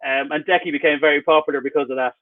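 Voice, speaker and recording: A man's voice: fairly high pitch, steady tone, very fast. Wry, rambling man on a tinny call line. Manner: rambling, wry and self-mocking. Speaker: author being interviewed. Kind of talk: casual interview answers.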